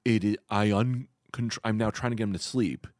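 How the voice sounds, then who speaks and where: A man in his thirties hosting a podcast, telling stories in an animated, laughing way and swearing freely. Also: fairly low pitch, moderate pace, no echo, clean studio sound. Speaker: podcast host. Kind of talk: casual chat.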